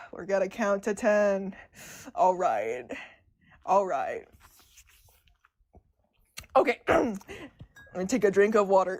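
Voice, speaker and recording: A woman streamer chatting casually with her viewers, excitable and stumbling over her words with a stutter. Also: medium pitch, takes it slowly, pauses often. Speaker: streamer discussing comics with chat. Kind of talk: casual livestream chat.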